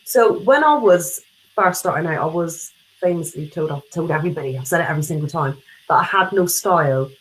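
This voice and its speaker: A woman hosting a casual live interview over a video call, reading out viewer questions and chatting in a relaxed, rambling way. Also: fairly low pitch, low-quality recording. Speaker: host.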